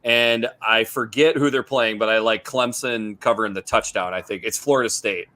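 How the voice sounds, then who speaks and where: A man's voice: on the low side, fairly even intonation, sharp tone. A man with a Minnesota accent, a guest on a sports radio show, talking casually about college football picks with frequent restarts. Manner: halting, restarts, easygoing.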